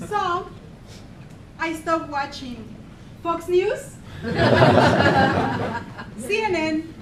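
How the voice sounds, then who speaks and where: Slow-talking Mexican-accented woman speaker. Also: high voice, recorded from a distance, heavy background noise. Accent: Mexican Spanish. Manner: deadpan, pausing for laughs. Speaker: contest speaker. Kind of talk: humorous contest speech. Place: meeting hall with audience. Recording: echoey hall, mic from afar, crowd laughing.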